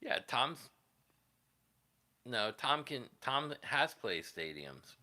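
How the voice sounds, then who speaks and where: A man's voice: medium pitch, very animated, extremely slow, bright, forceful tone. A man hosting a casual livestream, telling rambling, profane stories from his years as a musician and laughing at them. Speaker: livestream host, guitarist.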